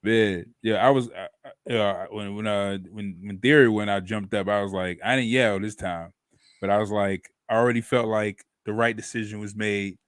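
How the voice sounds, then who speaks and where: A man's voice: fairly low pitch, steady tone, moderate pace, clean tone, no room sound, studio quality. A man co-hosting a casual wrestling chat, rambling with "yo" and "like" fillers. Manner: rambling, fills with "yo" and "like". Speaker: podcast co-host.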